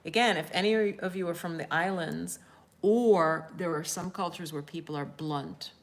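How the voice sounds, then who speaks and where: A woman's voice: on the low side, normal speed. A woman life coach chatting candidly on a live stream, rambling as she answers viewer comments.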